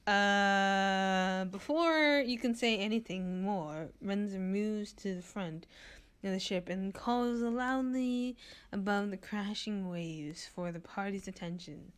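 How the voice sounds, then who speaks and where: Slow-reading woman laughing through a story game. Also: mid-range voice, fairly bright tone, smooth. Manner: unhurried reading, giggly asides. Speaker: game player reading aloud.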